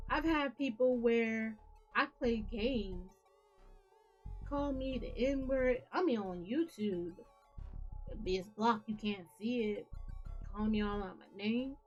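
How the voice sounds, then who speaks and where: A woman in a mid-pitched voice talks straight to her gaming audience, earnest and rambling, often restarting and repeating herself. The sound is a little dull and lo-fi, with faint music underneath. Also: a little slow. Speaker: gaming channel host. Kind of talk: casual talk to camera.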